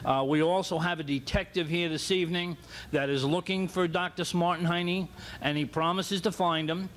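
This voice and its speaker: A man hosting a talk show and introducing guests in a rambling, halting way, with many pauses. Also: on the high side, steady tone, fairly bright tone, a little hiss or hum.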